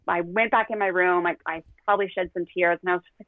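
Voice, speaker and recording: On a podcast, a candid middle-aged parenting coach tells stories quickly with barely a pause, her fairly low voice animated as she acts out what people said. The audio is dry and thin, phone-like, without echo.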